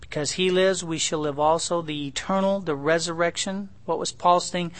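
A man's voice: fairly high pitch, fairly even intonation, normal speed, hardly any pauses. A middle-aged man, a pastor, teaching through a Bible passage verse by verse in a folksy, conversational way, tossing rhetorical questions to his listeners.

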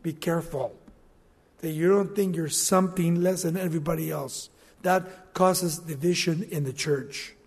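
A man's voice: on the high side, fairly even intonation, normal speed, a little mellow, breathy edge, long reverb tail. A middle-aged man, a pastor, preaching a sermon, asking rhetorical questions and joking with the congregation.

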